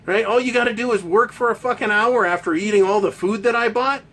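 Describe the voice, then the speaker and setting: Male host, high-pitched voice, swearing constantly and firing rhetorical questions in a heckling rant. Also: quick pace, a bit bright. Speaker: podcast host. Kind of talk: ranting monologue.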